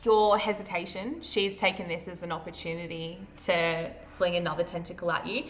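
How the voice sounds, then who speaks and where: A woman's voice: on the low side, level tone. Australian woman narrating a horror game. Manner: vivid, descriptive, halting with fillers. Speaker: game master.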